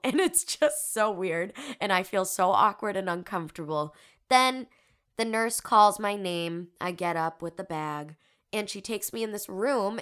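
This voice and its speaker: This is a woman in her early twenties hosting a casual podcast. She tells embarrassing stories about herself with a giggly, candid ease. Her voice is bright and forward, at an ordinary pitch for a woman. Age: 20s. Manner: candid, giggly, self-deprecating storytelling. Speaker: podcast host. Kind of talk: casual chat.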